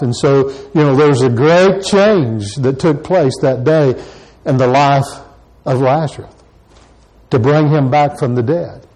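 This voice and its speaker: A man's voice: mid-range voice, measured pace, darkish tone, rough recording. A pastor preaching a sermon to his congregation, pressing the same questions again and again. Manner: repeats rhetorical questions to the congregation.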